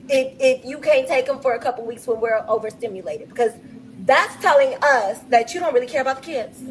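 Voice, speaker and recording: A woman's voice: high voice, a little hiss or hum, poor audio. A woman hosting a live stream, ranting bluntly and profanely with heavy repetition. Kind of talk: ranting commentary.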